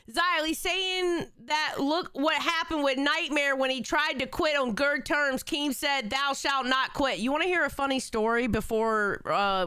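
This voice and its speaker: A woman hosting a live stream, chatting casually in an animated way, swearing often and breaking into loud outbursts. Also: sits high, no room sound, clean studio sound. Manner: animated, swearing, bursts into shouting. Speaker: livestream host. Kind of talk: casual livestream chat.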